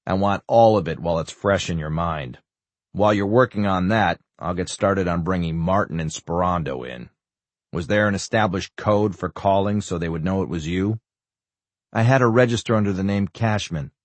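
A calm, scheming official, as a man reading a thriller plays him speaks in a measured, businesslike way, very low and quiet. The sound is close and dry. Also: dry recording, lightly acted. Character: calm, calculating middle-aged male official.

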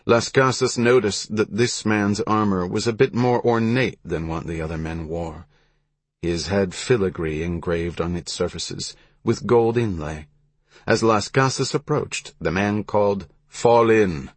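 A man reading a historical story aloud in measured, even scripted narration. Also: low voice, slightly rough, dry recording.

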